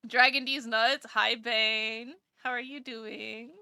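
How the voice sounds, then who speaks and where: Woman VTuber, bright tone, unhurried sleepy rambling chat to viewers. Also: a little high, fairly even intonation, gravelly, clear, resonant tone, no room sound, clean studio sound. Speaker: VTuber streamer. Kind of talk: casual live-stream chat.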